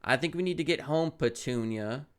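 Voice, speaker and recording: A young man streaming a parenting game, reading its text aloud and reacting with loud outbursts and muttered asides. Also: a little high, normal speed.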